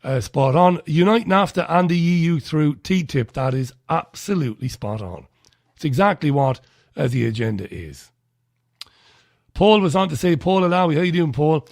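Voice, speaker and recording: An Irish man hosts a talk radio show, his voice sitting a little higher than most men's. He talks bluntly and scornfully, recorded close and dry with no room sound. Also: lively intonation, moderate pace, vocal fry, dry recording.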